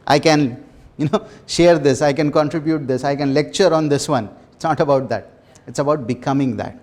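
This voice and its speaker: A man leading a small self-development workshop, talking earnestly with repeated phrases and soft laughs. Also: a little high, moderate pace. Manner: earnest, repetitive, laughs softly between phrases. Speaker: workshop facilitator. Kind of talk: motivational workshop talk.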